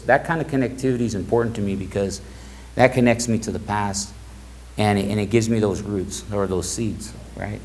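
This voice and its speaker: A middle-aged man speaking as a guest to a live audience, telling stories in a relaxed way and acting out the quoted dialogue. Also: fairly low pitch, gravelly, slight background noise, low-quality recording. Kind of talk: storytelling talk to an audience.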